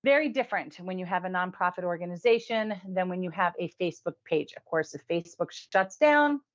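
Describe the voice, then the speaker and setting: A woman hosting a casual weekly review show. She talks in a chatty way, laughs often and drops in quick asides. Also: fairly low pitch, animated, lo-fi sound. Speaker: host.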